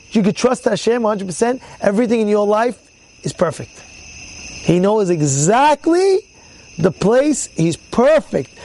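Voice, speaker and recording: A man teaching an informal Torah class as a rabbi, telling stories with lots of repetition and acting out the people in them loudly. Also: high voice, slight background noise, poor audio. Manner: animated storyteller, repeats words, acts out quotes loudly.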